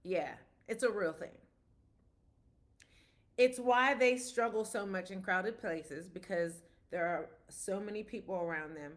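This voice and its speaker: A woman talks in an easy, conversational way and leans on everyday stories and quoted back-and-forth. Her voice sits at an ordinary middle pitch for a woman, and the talk is casual and explanatory. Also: a little slow. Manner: conversational, storytelling with quoted dialogue. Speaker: parent speaking about autism.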